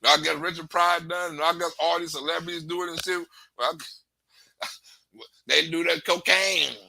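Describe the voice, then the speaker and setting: A man's voice: on the high side, steady tone, normal speed, gravelly, pushed and bright. A man telling loose, rambling comic stories in a casual stand-up manner, often laughing and acting out the voices of the people he quotes. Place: Hollywood.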